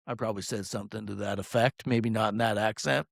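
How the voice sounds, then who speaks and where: A man who works as a fishing guide tells a story in a casual, rambling monologue. He swears freely and fills his pauses with "um". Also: lowish voice, fairly even intonation, creaky, no echo, studio quality. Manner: rambling, profane, many "um"s.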